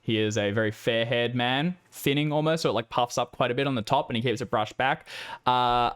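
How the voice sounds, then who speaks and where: A man's voice: mid-range voice, fairly bright tone, clean tone. Man narrating as game master. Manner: casual, halting, many fillers.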